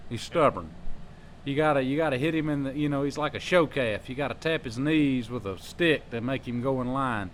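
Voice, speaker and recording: A man's voice: mid-range voice, brisk, slight background noise. A man hosting a wrestling podcast, telling long joking stories in casual chat. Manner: rambling, joking storyteller.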